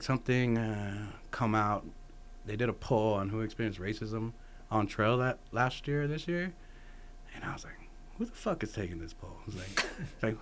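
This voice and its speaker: A man's voice: on the low side, fairly bright tone. A man from Texas, a podcast guest, telling stories in a laid-back, casual way, swearing freely and laughing often. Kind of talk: casual conversation.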